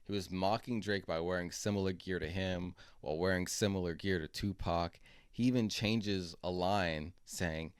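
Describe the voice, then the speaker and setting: Male vlog host, sarcastic opinion delivery, lowish voice, dry room. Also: fairly even intonation, normal speed, clear, resonant tone, no room sound. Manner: sarcastic, blunt. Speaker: commentary video host. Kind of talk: opinionated commentary.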